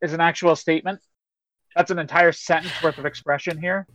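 A man's voice: a little high, fairly even intonation, quick pace, a bit bright. A man in casual chat, blunt and wisecracking, swearing a lot. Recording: dull lo-fi sound.

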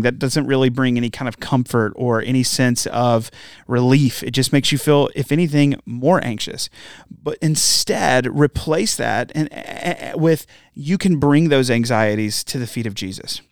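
A man's voice: medium pitch, moderate pace, clear, resonant tone, dry recording, studio quality. A man giving an earnest, conversational devotional talk as a pastor. He often asks his listeners direct questions and tags his points with "right?".

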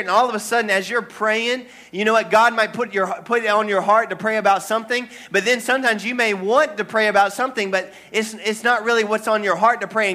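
A man's voice: sits high, bright, forceful tone. A male pastor preaching a sermon to a congregation in church, calling for amens and asking the room questions. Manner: call-and-response preaching to a congregation.

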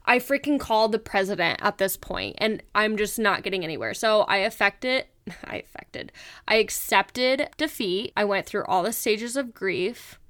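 A woman's voice: medium pitch, animated, moderate pace, a bit bright. A woman in her twenties hosting her podcast in a casual, chatty monologue, talking frankly, swearing freely and laughing often. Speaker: podcast host.

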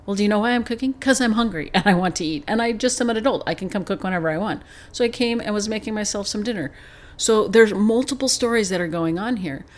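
A middle-aged woman hosting her own podcast, telling a personal story in a lively, reflective way. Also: medium pitch. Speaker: podcast host. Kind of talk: solo podcast talk.

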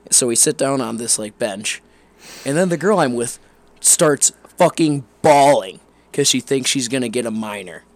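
A young man telling a long, rambling, profane story with animated energy in a casual podcast chat. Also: medium pitch, normal speed.

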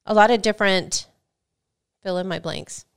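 A woman's voice: medium pitch, steady tone, normal speed, vocal fry, clean tone. Woman on a gaming podcast, voice kinda worn, just woke up, chatty. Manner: chatty, reads news items aloud casually. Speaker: podcast co-host. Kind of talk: casual gaming chat.

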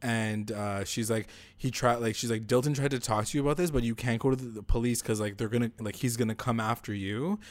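Young adult man, casual recap co-host, slangy and animated, dead-dry close mic. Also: medium pitch, a little fast, few pauses, dry recording. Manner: animated, slangy, acts out characters' lines. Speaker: podcast co-host recapping a TV episode. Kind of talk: casual chat.

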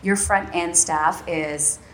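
A woman's voice: lowish voice, steady tone, noisy background. A woman working in the salon trade, speaking firmly and matter-of-factly in casual podcast chat. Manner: firm, quick-talking, matter-of-fact. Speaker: guest, salon professional. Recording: roomy echo.

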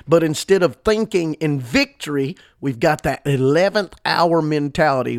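A man preaching with fervor, driving his points home through repetition. His voice has a gravelly rasp, and the recording sounds close and dry. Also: a little high, sing-song, a little fast, hardly any pauses, no echo. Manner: emphatic, fervent, repeats for emphasis. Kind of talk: podcast sermon.

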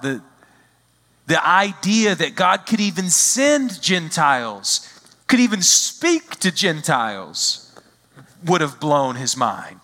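Man, visiting pastor, sermon, higher voice, acts out quotes, stretches phrases for emphasis, long hall echo. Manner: expressive preaching, acts out quoted lines, slows down for emphasis.

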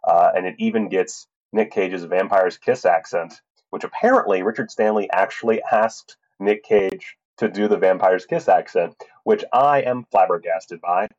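A man's voice: low voice, normal speed, a little mellow, dull audio. A man casually reviewing a film, rambling and swearing, with lots of fillers and restarts.

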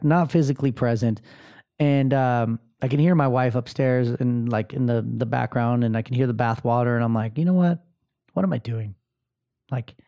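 Hosting a podcast, a man in his thirties rambles through a blunt motivational monologue, swearing often and using plenty of filler words. His voice is mid-range and warm.

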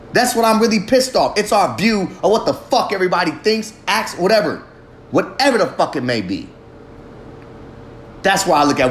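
A man with a high-set voice rants through a fiery monologue. He swears constantly and hammers every point hard. The sound comes back off the walls of a roomy, echoey space. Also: slight background noise. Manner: heavily profane, ranting, emphatic. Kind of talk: impassioned monologue. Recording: roomy echo.

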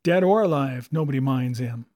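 A man voicing a superstitious, jittery male pirate crewman who speaks rough sailor dialect. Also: sits high, very animated, a little slow, darkish tone, no echo, studio quality, voice pushed up, heavily acted. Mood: scornful.

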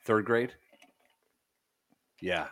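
Low-voiced man joking on a podcast. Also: extremely slow, a crowd in the background. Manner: crude, joking, rambling. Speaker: podcast co-host. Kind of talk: casual chat.

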